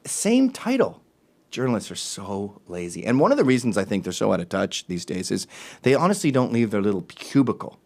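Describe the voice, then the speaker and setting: A man's voice: fairly low pitch, big pitch swings, fairly quick, vocal fry. A male show host ranting sarcastically in a casual monologue.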